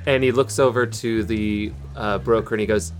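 A man playing a tabletop game, describing his character's actions in a relaxed way. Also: on the low side, normal speed, soft background music. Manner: relaxed, laughing. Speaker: player. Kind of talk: casual tabletop play.

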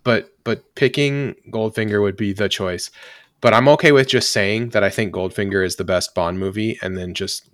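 A man with a fairly low pitch and a fairly bright tone talks at normal speed in clean studio sound with no room echo. He co-hosts a podcast, chatting casually and rambling with lots of restarts and fillers.

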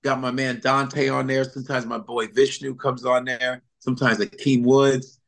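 Animated male comedian telling stories. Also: medium pitch, moderate pace, creaky. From Chicago comedy scene. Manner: animated storyteller, slips into impressions, laughs often. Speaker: comedian guest. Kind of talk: casual interview chat.

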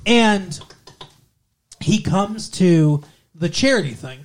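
A man's voice: high-pitched, animated, slow. A man co-hosting a podcast, telling a story in a loose, rambling way and chuckling now and then. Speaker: podcast co-host. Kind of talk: casual chat recapping a TV episode.

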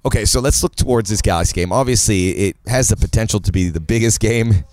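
Low-voiced guy cohosting a sports podcast, jokey, dry close sound. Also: fast talker, darkish tone, dry recording. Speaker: podcast co-host. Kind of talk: casual sports chat.

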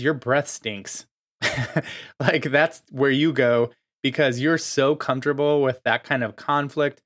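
A man's voice: medium pitch, fairly bright tone. A man hosting a solo podcast, explaining ideas in a casual way with lots of filler words. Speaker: podcast host.

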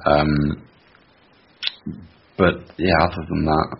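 A man's voice: very deep voice, little pitch movement, slow, gravelly, slight background noise. A man co-hosting a casual football podcast, laid-back and chuckling at himself. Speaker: podcast co-host. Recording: dull lo-fi audio.

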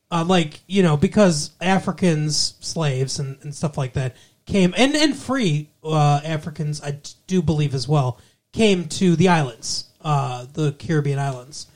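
A co-host riffs on personal ads in casual comedic podcast chat. The delivery is wry and rambling, with plenty of asides. The voice sits mid-pitch but moves around a lot. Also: expressive, unhurried.

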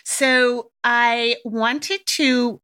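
Chatty woman host with a bright voice. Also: on the high side, drawn-out words, clean tone. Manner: chatty, candid, animated, occasional swearing. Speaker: parenting podcast host. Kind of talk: casual storytelling monologue.

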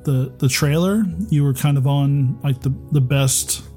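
A man running a tabletop game as game master, narrating in a halting way with many pauses. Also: mid-range voice, mellow, soft background music, poor audio.

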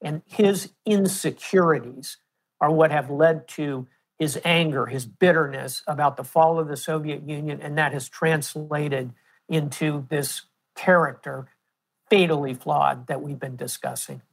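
A man as an interview guest, explaining history in a measured, storytelling way. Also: fairly high pitch, steady tone, vocal fry. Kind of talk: interview answer.

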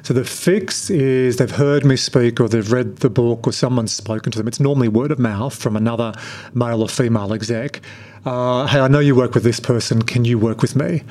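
Middle-aged man, Australian accent, relaxed chatty podcast guest, frequent restarts. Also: medium pitch, fairly quick. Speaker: speaker and productivity coach. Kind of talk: podcast interview answers.

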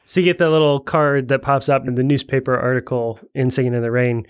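A man with a mid-pitched voice chats casually about films. He keeps adding asides. The sound is dry and close. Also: fairly even intonation, quick pace, smooth, dry recording. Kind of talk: casual film discussion.

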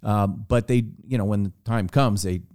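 A man telling a long, animated anecdote on a podcast, with frequent restarts. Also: on the low side, normal speed, no echo, clean studio sound. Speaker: podcast guest. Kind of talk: casual storytelling.

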